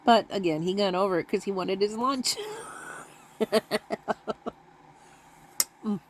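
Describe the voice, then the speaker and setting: A woman's voice: slow pace, slight background noise. Rambling woman chatting with her pets. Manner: rambling, talks to her pets in a high baby voice; laughs often. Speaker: vlogger. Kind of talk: casual chat to camera.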